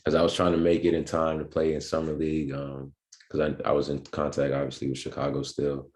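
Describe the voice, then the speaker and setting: A man's voice: extremely low pitch, completely flat delivery, brisk, a little mellow. A young man, a pro basketball player, tells his story as a podcast guest in a laid-back way, with many ums and restarts. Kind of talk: casual interview storytelling.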